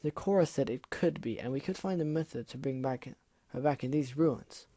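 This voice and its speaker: A man's voice: medium pitch, moderate pace, warm tone, no echo, close to an everyday voice. A man voicing a haughty, posh female unicorn who talks in a prim, condescending way.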